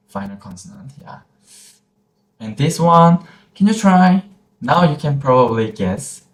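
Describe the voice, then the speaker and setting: A man with a Korean accent teaching pronunciation in a gentle lesson, repeating each sound slowly. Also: fairly high pitch, expressive. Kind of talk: slow, patient pronunciation lesson. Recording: roomy echoey room.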